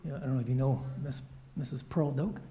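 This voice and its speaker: A man telling a children's story in a church service, playful and animated, acting out quoted lines. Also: mid-range voice, quick pace.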